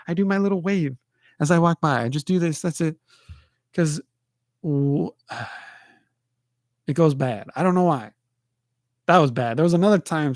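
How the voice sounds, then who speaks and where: A man hosting his own podcast, telling rambling self-deprecating stories alone, with halting restarts. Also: fairly high pitch, no room sound, clean studio sound. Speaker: podcast host. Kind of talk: rambling solo monologue. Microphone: livestream mic.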